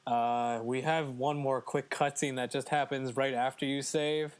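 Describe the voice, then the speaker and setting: A man's voice: medium pitch, steady tone, measured pace, smooth. A man co-hosting a casual gaming podcast, chatty and joking with frequent fillers. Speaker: podcast co-host. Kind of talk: casual chat.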